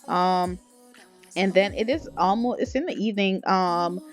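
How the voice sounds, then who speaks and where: A woman's voice: mid-range voice, measured pace, faint music behind. Chatty woman gaming vlogger. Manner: chatty, laughs often, talks straight to viewers. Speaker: gameplay vlogger. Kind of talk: casual game commentary.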